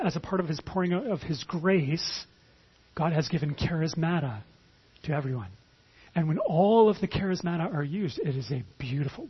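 A man's voice: sits high, slightly rough, muffled recording. A pastor giving a conversational sermon, often repeating words as he starts a phrase.

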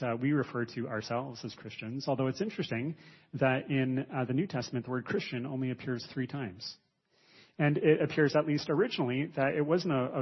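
A man preaching a sermon as pastor, measured and explanatory, with frequent hesitant fillers. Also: mid-range voice, slightly rough. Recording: muffled sound with long hall reverb.

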